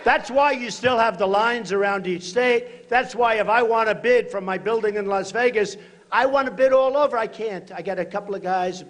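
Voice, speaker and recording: A man giving a campaign rally speech in a large hall, emphatic and repetitive, often shouting short phrases to the crowd. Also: high voice. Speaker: political candidate at a rally. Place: large hotel event hall, live rally. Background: crowd of supporters.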